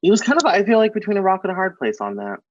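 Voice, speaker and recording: A man hosting a podcast, reasoning through history in a measured way and prompting his guest. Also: sits high, very animated, no echo. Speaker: podcast host. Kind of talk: casual political conversation. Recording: dull dry sound.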